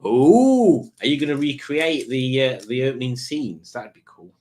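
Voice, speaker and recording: A man's voice: medium pitch, moderate pace. A man hosting a casual live stream, rambling and joking as he reads out viewer comments, with plenty of restarts. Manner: rambling, jokey, waffling with many restarts.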